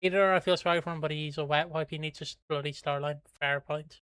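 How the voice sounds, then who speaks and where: A man's voice: fairly high pitch, steady tone, fairly quick, a bit bright, clean tone, dry recording, studio quality. Sweary Irish man reacting on a livestream. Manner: swears freely, rambling and chatty. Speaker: host.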